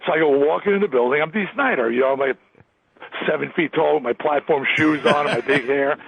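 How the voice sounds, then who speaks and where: Gravelly, husky man in his 60s on a phone line. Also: fairly high pitch, fast, no room sound. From Long Island, New York. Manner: animated storyteller who acts out other people's lines and laughs often. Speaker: guest, rock musician. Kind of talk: storytelling interview. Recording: dry, tinny phone line.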